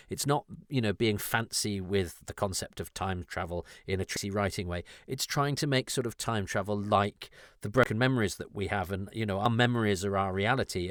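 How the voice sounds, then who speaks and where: A man's voice: fairly low pitch, no echo, studio quality. A middle-aged man hosting a podcast, talking in a thoughtful, digressive way with frequent restarts. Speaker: podcast host. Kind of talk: conversational podcast discussion.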